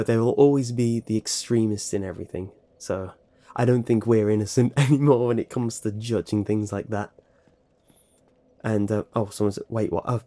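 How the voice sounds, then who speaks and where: A man's voice: mid-range voice, mellow. A young British man with precise enunciation, answering fan questions in a rambling, self-correcting, wry way. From Britain. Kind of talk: casual Q&A vlog.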